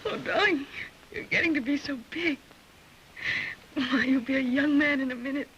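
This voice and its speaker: An actress playing a gentle, brave young mother near death, speaking softly and haltingly in 1930s film style. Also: high voice, dull audio, a little hiss or hum. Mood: soothing. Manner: soft, soothing, halting with emotion.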